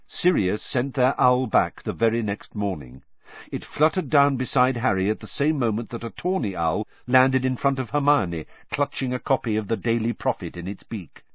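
A man narrating an audiobook with expressive storytelling and character voices. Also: on the low side, normal speed, no echo, muffled recording.

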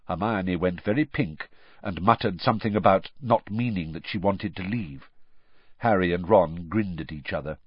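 Man, audiobook narration, husky, lively pitch, dry muffled sound. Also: no room sound. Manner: expressive, varied storytelling. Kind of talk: scripted narration.

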